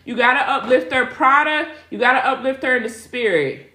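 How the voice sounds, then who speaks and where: A middle-aged woman with a slightly high voice chats with her viewers in a casual live Q&A, laughing often and talking straight to them. She answers their questions as a spiritual reader. The room around her gives the voice a noticeable echo. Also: normal speed, sharp tone.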